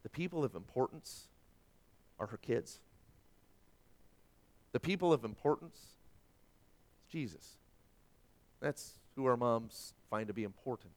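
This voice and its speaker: A male pastor preaching a sermon, quoting scripture and swinging from forceful emphasis to hushed tones. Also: medium pitch.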